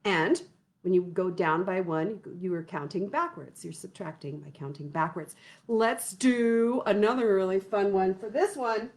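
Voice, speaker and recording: A woman leading a children's music lesson, counting and encouraging young viewers in a gentle way. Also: medium pitch, measured pace. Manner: gentle, encouraging, sings nursery songs. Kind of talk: singing and counting lesson for kids.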